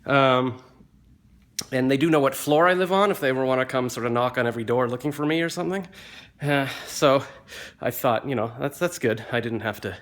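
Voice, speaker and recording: Man, thirties, casual rambling story, self-mocking, phone held close, mid-pitched voice. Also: fairly quick. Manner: rambling, self-mocking, gets louder and livelier as the story builds. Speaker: vlogger. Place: indoors at home, just back from the gym. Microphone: phone held in hand, close to face.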